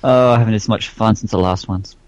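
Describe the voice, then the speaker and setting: A man's voice: on the low side, fast, darkish tone, dry recording. An Australian man chatting as a podcast guest, laid-back and joking at his own expense. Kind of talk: casual chat.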